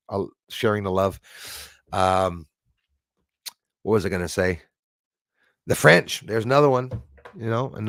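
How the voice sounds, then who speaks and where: A man from Montreal, Canada, wraps up a live stream by casually thanking his viewers, moving back and forth between French and English. His voice is medium-pitched, and the audio is studio quality with no echo.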